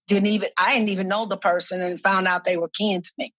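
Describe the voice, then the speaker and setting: A woman minister and activist sharing her personal testimony in a podcast interview, speaking earnestly and slowly, often repeating herself as she gathers her thoughts. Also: medium pitch, level tone, a bit bright, no room sound, dull audio.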